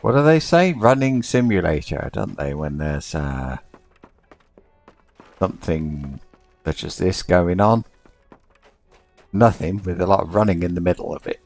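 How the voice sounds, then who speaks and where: A man's voice: sits low, lively intonation, a little slow, long pauses, darkish tone, faint music behind. A man casually commentating as he plays an online role-playing game, muttering to himself, thinking aloud and spelling out words into a desk microphone. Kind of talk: casual let's-play commentary.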